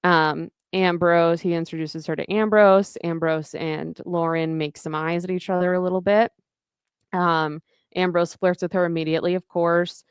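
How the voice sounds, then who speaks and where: A woman co-host casually walks through a novel's chapter, slipping into its lines of dialogue as she goes. Her voice sits on the low side and sounds smooth and resonant. The recording is dry and close, with no room sound. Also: steady tone, moderate pace, dry recording. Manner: retells scenes, voicing lines of dialogue. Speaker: podcast co-host. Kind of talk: casual book recap chat.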